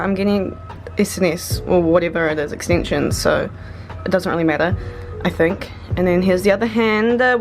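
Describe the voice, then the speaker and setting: A woman of about twenty chatting casually to her camera in a vlog, rambling and self-deprecating. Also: medium pitch. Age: 20s. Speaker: vlogger.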